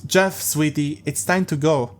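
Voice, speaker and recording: A man voicing an anxious mother, raising his pitch into a pleading tone. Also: unhurried, natural voice. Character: anxious mother, soft and fretful.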